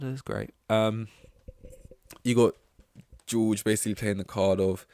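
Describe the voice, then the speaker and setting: Young guy ranting on his podcast, lowish voice, swears a lot, dry close sound. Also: a little slow, pauses often, clear, resonant tone, no echo. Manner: excitable, swears freely, acts out quotes. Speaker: podcast host. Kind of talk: casual solo commentary.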